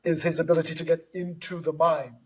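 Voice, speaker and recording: A man interviewing in a relaxed conversation, telling stories with animated enthusiasm. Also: a little high, a little fast, husky. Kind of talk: reflective conversation.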